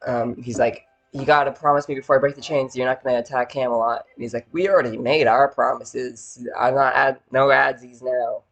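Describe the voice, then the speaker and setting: A man talking through episodes of a show in a loose, rambling way. His voice sits at an ordinary middle pitch, and he keeps dropping into quick impressions of the characters. Soft music runs faintly underneath. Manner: rambling, filler-heavy, acts out characters' lines. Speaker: video essay host. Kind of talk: casual episode recap.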